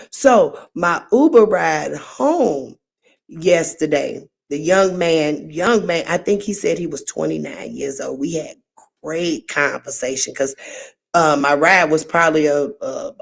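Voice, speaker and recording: Low-pitched and creaky, this middle-aged woman's voice carries a chatty livestream where she warmly tells meandering stories in a friendly, casual manner.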